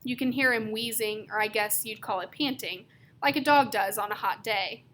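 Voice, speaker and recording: A woman reads a novel aloud in a lively storytelling manner, shifting her emphasis from line to line. Her voice is bright and sits somewhat high. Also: normal speed, a little hiss or hum. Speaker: reader.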